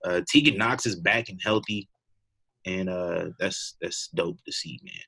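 A man's voice: low voice, unhurried, gravelly, sharp tone, husky. A young man co-hosting a podcast, chatting casually and rambling with lots of fillers and laughs. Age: young adult. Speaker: podcast co-host. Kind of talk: casual wrestling chat.

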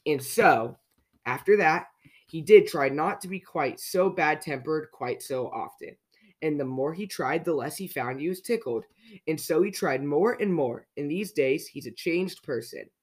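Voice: medium pitch, lively intonation, measured pace. A storyteller reading a children's picture book aloud, playfully asking young listeners questions along the way.

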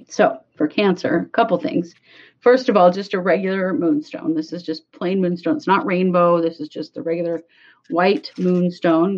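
Woman, lowish voice, relaxed and gentle, dull lo-fi audio. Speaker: crystal advisor, co-host. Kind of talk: casual livestream chat.

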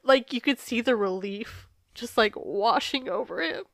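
A woman co-hosting a casual podcast talks in a fairly high voice, teary and stuffy-nosed from crying. She swears freely and gets emotional as she chats. The sound is dry and close. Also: a little slow, fairly bright tone, dry recording. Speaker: podcast co-host. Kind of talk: casual chat.

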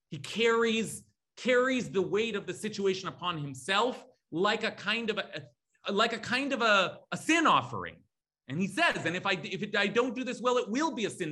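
This man teaches scripture in a lively Torah lecture, his pitch swinging widely as he stresses and repeats key words. Hebrew terms are read aloud, and he works through his thoughts with fillers and frequent self-corrections.

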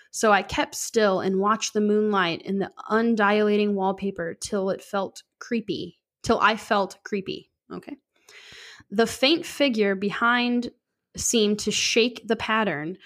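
A woman podcast co-host reads a classic story aloud at a medium pitch. She stumbles over words and restarts them, and she cuts in with cursing, wisecracking comments. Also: measured pace. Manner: breaks off reading for swearing and joking asides. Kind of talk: reading a story aloud with asides.

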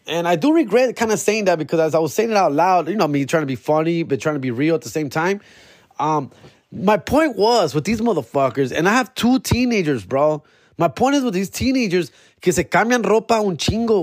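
A comedian runs a loose, solo podcast monologue. He sits on the higher side of the usual male pitch and talks in a laid-back, slang-heavy way, full of casual profanity.

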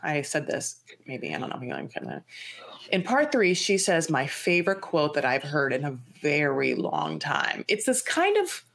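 A woman co-hosting a podcast, chatting casually and gossiping as she recaps, acting out quotes with animated jumps in her voice. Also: low voice, moderate pace, vocal fry. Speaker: podcast co-host.

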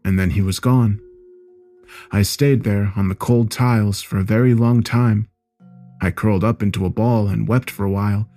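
A man's voice: fairly low pitch, fairly even intonation, normal speed, dark tone, soft background music. A man reading a first-person horror story aloud in a dramatic, scripted narration.

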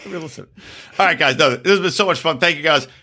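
A man's voice: fairly high pitch, racing, sharp tone. A man hosting a podcast, drunk and boisterous, slurring a little through casual banter. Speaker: podcast host.

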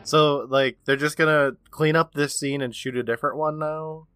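Bright-voiced podcast co-host man. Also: on the high side, steady tone, normal speed, a little hiss or hum. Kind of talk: casual podcast chat and outro read.

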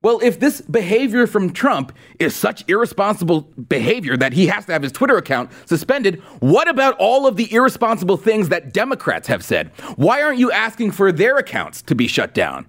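Male host, high and lively pitch, snarky political commentary. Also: fairly quick, hardly any pauses. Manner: sarcastic, mocking. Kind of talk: political commentary with a sponsor read.

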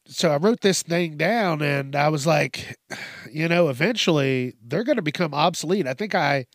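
A man's voice: fairly high pitch, normal speed, dry recording, studio quality. A man hosting a casual solo podcast, ranting with lots of swearing and acting out quoted lines. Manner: profane, animated ranting with acted-out quotes. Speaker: podcast host.

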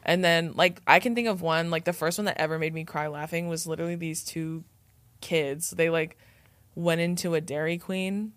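A young woman hosting a podcast, telling stories in emphatic, animated casual chat with lots of filler words. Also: fairly low pitch, moderate pace, no echo. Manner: animated, emphatic storyteller, heavy filler use. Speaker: podcast host.

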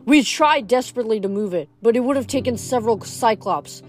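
Woman reading a novel aloud, fairly high. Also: brisk, soft background music. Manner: steady read-aloud narration with small stumbles. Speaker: reader.

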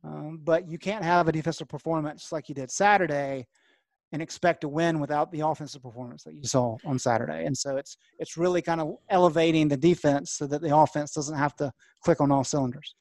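Man breaking down football, higher voice. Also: steady tone, a little mellow, dry recording. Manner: thoughtful, measured, with fillers. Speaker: college football beat reporter. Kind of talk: casual sports analysis.

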